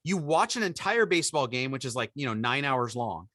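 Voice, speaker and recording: A podcast co-host tells an anecdote during casual chat, animatedly acting out the people he quotes. His mid-range voice moves a little fast. The recording is dry and studio quality.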